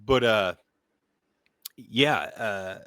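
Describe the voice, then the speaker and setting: A man serving as game master, describing scenes in a loose, rambling manner peppered with fillers. His voice sits a touch low yet sounds bright and forward. The recording is close and dry, with no room sound. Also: drawn-out words, clear, resonant tone, no room sound. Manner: rambling, lots of fillers and restarts. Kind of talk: narrating a tabletop game.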